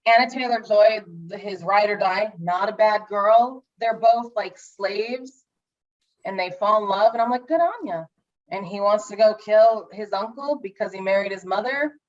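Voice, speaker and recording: A woman's voice: medium pitch, normal speed, dull audio. Gushing, rambling woman reviewing movies. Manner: gushing, rambling with many restarts and acted-out asides. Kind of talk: casual movie review chat.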